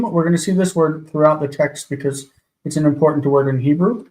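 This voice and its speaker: Guy teaching a live class, slow and patient, spells out sounds bit by bit, a little higher voice. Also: steady tone, a little mellow, low-quality recording. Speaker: Hebrew teacher.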